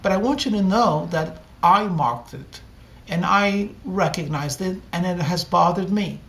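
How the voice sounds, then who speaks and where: A man's voice: high voice, unhurried, a bit bright. Man telling a dramatic sermon story. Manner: dramatic storyteller, acts out dialogue. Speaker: rabbi.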